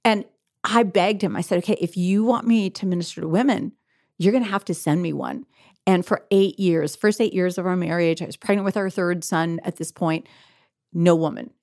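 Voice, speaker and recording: A woman's voice: fairly low pitch, moderate pace, dark tone, dry recording, studio quality. A middle-aged woman, a guest author, earnestly telling her faith story in an interview, often breaking into laughter. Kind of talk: faith-based interview conversation.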